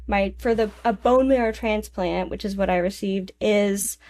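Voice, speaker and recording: Slow-talking young woman telling her story. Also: on the high side, a little mellow. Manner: halting, with many restarts and fillers, laughing through tears. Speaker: guest, DJ and vocalist. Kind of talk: emotional personal story in a podcast interview.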